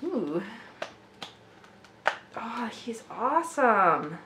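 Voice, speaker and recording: A woman vlogging an unboxing in a casual, gushing and excitable way, laughing often, her throat slightly rough. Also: a little high, very slow. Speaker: doll collector vlogger. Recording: echoey room with faint noise.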